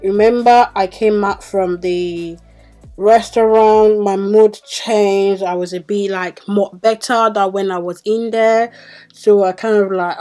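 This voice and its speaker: A young woman vlogging to camera at a middle pitch, telling her story in a chatty, exasperated way, full of "like"s. Soft music plays faintly behind her. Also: slow pace. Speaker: beauty vlogger.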